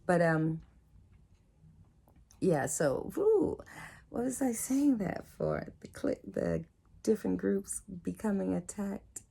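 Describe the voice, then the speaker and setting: A woman's voice: mid-range voice, wildly swooping pitch, takes it slowly, creaky, long pauses, dark tone, slightly rough. A woman talking casually and reflectively to her viewers, laughing often and acting out what other people said to her. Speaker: video host.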